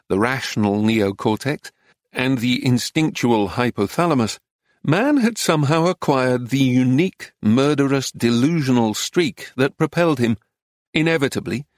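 A man's voice: medium pitch, dry recording. Man reading a memoir, dry close sound. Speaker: narrator. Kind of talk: audiobook narration of a memoir.

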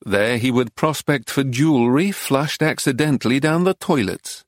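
Male English narrator, mid-pitched, measured literary read, dry booth sound. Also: no room sound. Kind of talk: audiobook reading of a travel memoir.

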